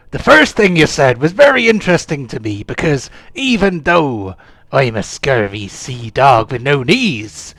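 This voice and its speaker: A man doing a gravelly old pirate. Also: medium pitch, a bit bright, no room sound, heavily acted. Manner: growling pirate voice with "arr" and "there be". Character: kneeless old male pirate sea dog, gruff would-be philosopher. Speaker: game master.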